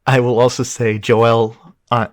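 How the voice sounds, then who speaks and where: A man co-hosting a loose, casual film review chat, his voice at an everyday middle pitch. He gets excited easily, swears freely and laughs a lot. The sound is dry and close, with little room around it. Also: a little slow, dry recording. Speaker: podcast co-host.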